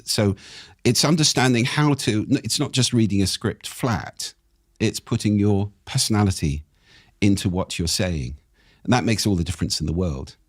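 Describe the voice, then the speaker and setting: A man, a speaking expert and podcast guest, explaining things in a measured way with examples, his voice a little croaky. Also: fairly low pitch, no room sound, studio quality. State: slightly croaky. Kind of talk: explanatory interview talk. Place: podcast studio.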